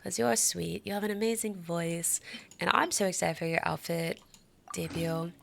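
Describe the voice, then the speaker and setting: A woman's voice: lowish voice, fairly even intonation, moderate pace, creaky, a bit bright. A young adult woman streaming live, chatting with her viewers in a bubbly, giggly, gushing way.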